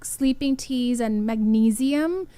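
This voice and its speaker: A woman's voice: on the high side, slow pace, dark tone, no room sound. A woman radio DJ hosting a talk show, asking listeners' questions in a chatty, hesitant way with many fillers. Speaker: radio DJ host.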